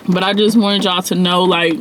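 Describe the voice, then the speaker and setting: High-pitched man, rambling heartfelt vlog talk. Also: little pitch movement, measured pace, fairly bright tone, slight background noise. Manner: loose, rambling and heartfelt, with many "like" and "um" fillers; slangy, everyday speech. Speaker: spiritual mentor. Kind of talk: casual direct-to-camera vlog talk.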